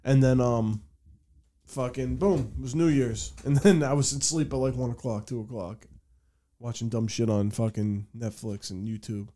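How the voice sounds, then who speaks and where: A man's voice: mid-range voice, fairly even intonation, moderate pace, mellow. A young man, hosting a podcast and rambling through a profane story with laughs. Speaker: podcast host. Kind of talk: casual storytelling chat.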